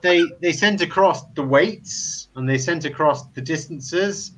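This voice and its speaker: A man's voice: fairly high pitch, measured pace, fairly bright tone. A man calling into a casual show, rambling and good-humoured. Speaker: call-in guest. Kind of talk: casual chat. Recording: dull lo-fi call audio.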